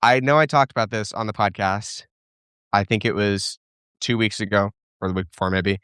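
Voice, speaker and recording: A man's voice: fairly low pitch, steady tone, moderate pace, fairly bright tone, clean tone, dry recording, clean studio sound. Opinionated young man on a live stream. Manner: opinionated, thinks aloud with restarts and fillers. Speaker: host answering live chat questions. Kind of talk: casual live-stream commentary.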